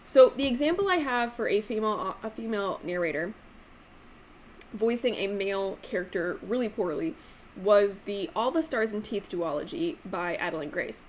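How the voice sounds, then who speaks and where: A woman hosting a casual book vlog, talking emphatically with lots of "like" fillers and sometimes showing off voices with sudden jumps in pitch. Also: animated, moderate pace, slight background noise. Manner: chatty, emphatic, frequent "like" fillers. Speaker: book channel host.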